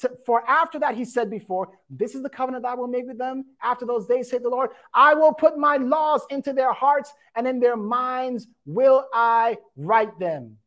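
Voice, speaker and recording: A woman's voice: on the high side, moderate pace, few pauses, fairly bright tone. A woman preaching a sermon, reading scripture aloud and explaining it, with frequent emphatic asides. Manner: emphatic, repeats "watch this".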